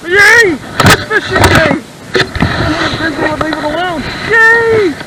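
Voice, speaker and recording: Bubbly high-voiced woman vlogging outdoors. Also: moderate pace. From Colorado, USA. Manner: bubbly, squealing with excitement. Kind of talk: excited outdoor vlog. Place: outdoors on a frozen lake. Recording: loud background noise.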